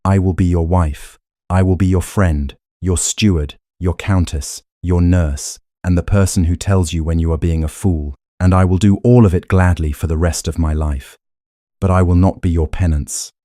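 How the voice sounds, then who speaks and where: A proud young countess of twenty-nine, voiced by a man reading the story, laying out her terms in a firm, measured way. The voice sits low and mellow. The recording is close and dry. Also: fairly even intonation, no echo, natural voice. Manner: firm, measured, plain-spoken. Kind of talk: audiobook character reading.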